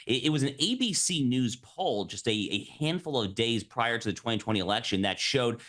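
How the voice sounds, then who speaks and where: A man speaking as a guest commentator in a live news interview, making his case in a rapid, emphatic, argumentative way. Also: mid-range voice, animated, a bit bright.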